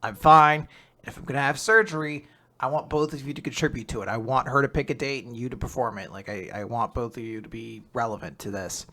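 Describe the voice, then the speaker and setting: A man voicing a gentle young woman in a hospital who speaks softly and calmly. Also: medium pitch, brisk, voice pushed down.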